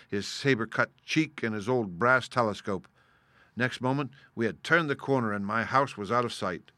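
A man reading a classic adventure novel aloud as an audiobook, in steady, measured storytelling narration. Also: on the low side, no room sound. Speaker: audiobook reader. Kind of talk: scripted narration.

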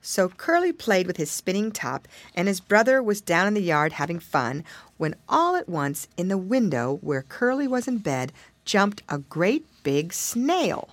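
Expressive woman reading a children's story. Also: lowish voice, unhurried, no room sound. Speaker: audiobook reader. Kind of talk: storybook narration.

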